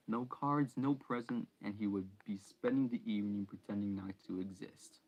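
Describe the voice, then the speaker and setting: Guy reading a book out loud at home, stumbles and restarts words, chatty asides, nothing polished. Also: medium pitch, expressive, moderate pace, few pauses, poor audio. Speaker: hobby reader. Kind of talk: casual reading aloud from a novel.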